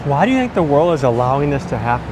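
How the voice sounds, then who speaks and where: A man's voice: on the high side, sing-song, very fast, noisy background. A man interviewing guests for a documentary, asking probing, direct questions.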